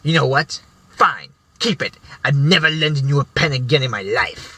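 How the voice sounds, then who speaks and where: A man's voice: high-pitched, big pitch swings, moderate pace, creaky, sharp tone, breathy edge, no room sound, voice pushed up, heavily acted. A man putting on the voice of an insistent, scolding old female schoolteacher while retelling a story. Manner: indignant, scolding.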